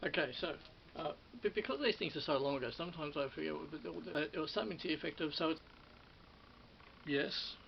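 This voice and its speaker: A middle-aged Australian man with a strongly gravelly, slightly high voice looks back on his radio days. He rambles and stumbles, restarting sentences and repeating words. The recording sounds dull and lo-fi, with a faint hiss underneath. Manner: halting, many restarts and repeated words, chuckling. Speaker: former radio studio producer. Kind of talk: rambling personal reminiscence.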